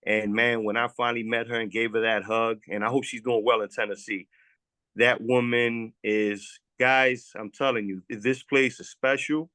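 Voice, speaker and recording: This former guest tells his recovery story in an emotional testimonial, his medium-pitched voice pushed and bright, with little pitch movement at a normal speed. He is raw and sincere, often cutting himself off mid-sentence, repeating words and beginning again. Captured close and dry, there's no echo or room sound at all.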